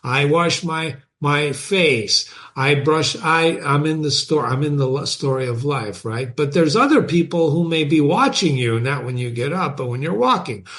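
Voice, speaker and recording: A man hosting a book lesson, explaining in an animated way and asking his listeners many rhetorical questions. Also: on the high side, normal speed, hardly any pauses. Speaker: literature teacher and host.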